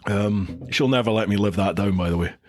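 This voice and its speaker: A man's voice: on the low side, fairly quick, darkish tone. A middle-aged man hosts a casual livestream chat, reading out viewer comments and greeting each viewer by name. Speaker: podcast host. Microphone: studio mic into a recorder.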